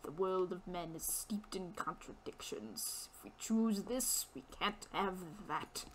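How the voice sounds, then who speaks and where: A woman voicing a cryptic, mysterious man who speaks slowly and gravely. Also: lowish voice, lively intonation, voice pushed down, rough recording. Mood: solemn. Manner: slow, grave, lofty.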